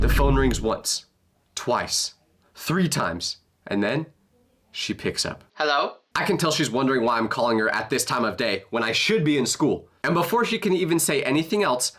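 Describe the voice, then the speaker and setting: Young man, 20s, comedic storyteller; bright, animated, self-mocking. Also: medium pitch, normal speed.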